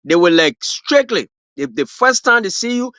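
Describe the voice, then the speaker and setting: A man with an African accent, from Africa, chats casually as a livestream guest, rambling with many fillers and restarts and laughing at his own stories. His very high voice is animated, pushed, and bright at a normal speed, and the dry stream audio is dull and lo-fi with no echo.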